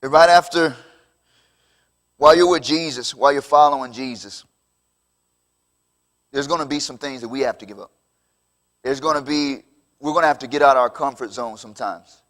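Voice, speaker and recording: A man's voice: mid-range voice, moderate pace, long pauses, a bit bright. A man preaching a conversational sermon, acting out the dialogue of the story. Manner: conversational, acts out biblical dialogue.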